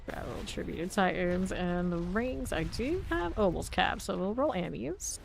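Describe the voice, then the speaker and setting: A woman with a light Southern drawl and a gravelly, creaky edge to her voice, speaking into a streaming microphone. She chats casually with her viewers while she plays, teasing herself and laughing often. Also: fairly low pitch, animated, normal speed. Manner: chatty and self-teasing, talks to chat while playing, laughs often. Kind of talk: casual gameplay commentary, chatting with viewers.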